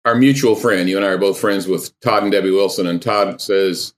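An older man talking as a podcast guest, giving advice in an animated, conversational way. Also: low voice, a little fast, few pauses.

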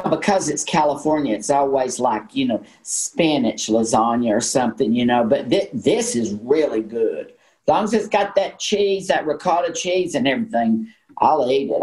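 Low-voiced Southern woman in her sixties. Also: a little mellow, roomy sound, poor audio. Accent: Southern American. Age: 60s. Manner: folksy storyteller, laughs often. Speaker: guest, actress. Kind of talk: casual chat.

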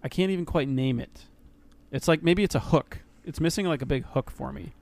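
A man's voice: on the high side, a little fast, vocal fry, a little mellow. A man co-hosting a casual podcast chat, joking and trailing off while he searches for words. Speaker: podcast co-host.

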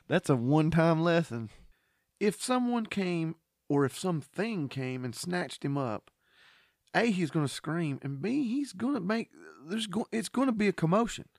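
A man's voice: on the high side, very animated, measured pace, creaky, dry recording, studio quality. A man co-hosting a podcast in casual chat, laid-back, swearing and laughing often. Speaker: podcast co-host.

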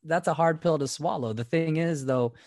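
A man co-hosting a casual podcast, animated and laughing often, cursing freely as he chats. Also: fairly high pitch, moderate pace, dry recording, clean studio sound. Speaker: podcast co-host.

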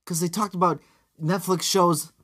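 A man co-hosting a casual chat podcast from Chicago, talking in an animated way that jumps into quoted voices. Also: high-pitched, normal speed. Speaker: podcast co-host.

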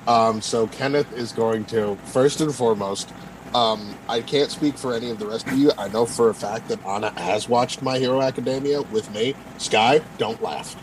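A man's voice: medium pitch, normal speed, noisy background. A man playing a tabletop game, rambling with lots of fillers. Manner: rambling, full of "like" and "um". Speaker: player. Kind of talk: casual tabletop play.

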